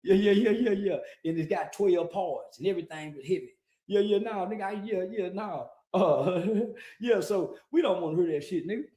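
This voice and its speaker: A man's voice: high voice, normal speed, mellow, reverberant, poor audio. A man giving casual, blunt, profane street commentary, full of slang and repeated "yeah". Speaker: guest commentator.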